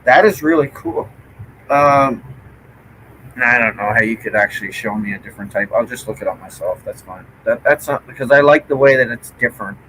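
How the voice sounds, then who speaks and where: A man's voice: medium pitch, fairly quick, fairly bright tone, a little hiss or hum, poor audio. A middle-aged man with a Newfoundland accent, chatting casually and swearing freely. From Newfoundland, Canada. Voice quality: gravelly, swears a lot. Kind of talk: casual chat.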